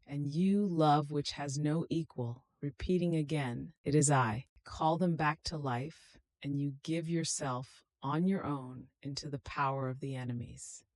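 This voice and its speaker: A reader giving a slow, solemn, meditative devotional reading in a prayerful tone. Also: mid-range voice, fairly even intonation, a little mellow, no room sound.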